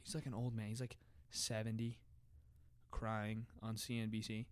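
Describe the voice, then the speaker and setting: A young man in casual podcast chat, animated and swearing freely, his voice jumping up when he gets worked up. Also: fairly low pitch, normal speed, smooth, no room sound. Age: young adult.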